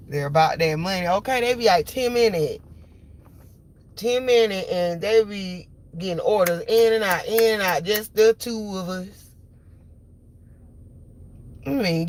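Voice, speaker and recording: A woman venting on a phone live stream from her parked car, rambling and repeating herself, with sudden loud outbursts. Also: a little high. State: upset after losing her job. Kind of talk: casual venting monologue. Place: parked car in a parking lot.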